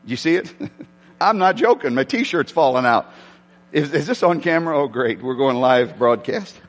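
Animated pastor in a reverberant hall. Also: male voice, fairly high pitch, normal speed. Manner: animated, self-mocking storytelling with many restarts. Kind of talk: sermon. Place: church hall.

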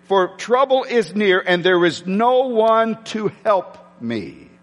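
A man's voice: high voice, very animated, slow, long reverb tail, muffled recording. A man preaching a sermon as pastor in a church, telling self-mocking stories with many stumbles and restarts. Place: church hall.

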